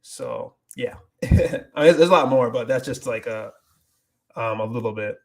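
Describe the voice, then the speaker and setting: A man's voice: medium pitch, moderate pace, gravelly. Man, livestream host, casual chat, rambling, restarts, mixes English and Spanish. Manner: rambling, many restarts and fillers, switches between English and Spanish; reads viewer comments aloud.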